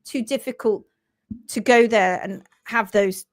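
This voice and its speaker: A woman's voice: fairly high pitch, unhurried. A woman hosting a live stream, greeting viewers by name and reading their comments aloud in an earnest, sympathetic way. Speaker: live stream host, hoof trimming teacher. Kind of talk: casual live stream chat.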